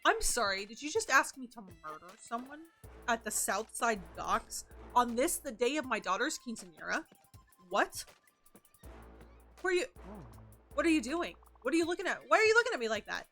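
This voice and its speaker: A flustered, indignant male dock worker, played by a woman reading a video game aloud, fires off defensive questions and refuses to back down. The voice is high and bright, with a tense edge. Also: very animated, normal speed, soft background music, exaggerated voice. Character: frazzled male dock worker and family man.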